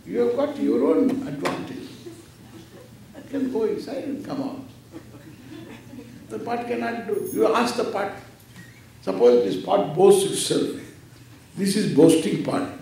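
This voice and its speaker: Playful older man teaching slowly. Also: high-pitched, warm tone. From India. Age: 70s. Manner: playful, acts out dialogues with laughter. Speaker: Vedanta teacher. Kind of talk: scripture lecture. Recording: echoey hall, distant mic, faint noise.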